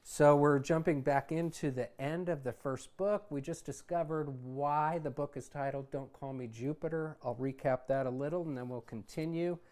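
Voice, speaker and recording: A man who hosts a show, reading his own memoir aloud in a conversational, wry way that gets animated in heated passages. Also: a little high, normal speed, few pauses. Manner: conversational, wry, animated when retelling anger. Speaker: author and host.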